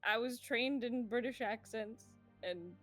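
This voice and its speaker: A woman's voice: a little high, measured pace, a bit bright, faint music behind. A woman player of a tabletop game chatting casually about her character's voice, with many fillers and laughs.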